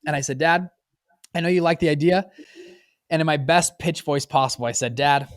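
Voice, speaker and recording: A man in his twenties, a guest on an interview podcast, telling his story in a lively, casual way and jumping up in pitch when he acts out quotes. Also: a little fast, dry recording. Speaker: podcast guest, fund manager.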